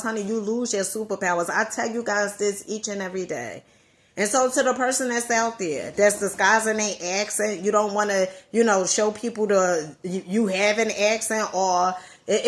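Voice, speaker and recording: A woman's voice: mid-range voice, fairly bright tone. A woman with a Southern accent giving an emphatic motivational talk to her viewers, repeating key phrases for effect. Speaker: motivational vlogger.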